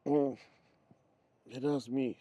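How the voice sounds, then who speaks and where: An actor with a Nigerian English accent playing a hopeful young jobseeker who stammers, gushes thanks and slips into pidgin. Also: male voice, medium pitch, steady tone, takes it slowly, mellow, lightly acted. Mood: grateful. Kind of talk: film drama acting.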